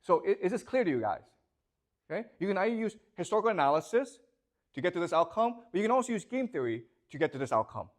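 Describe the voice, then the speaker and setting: Lively lecturing man, always asking "okay?". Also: sits high, quick pace. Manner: constantly checks understanding with "okay?" and rhetorical questions. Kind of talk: classroom lecture.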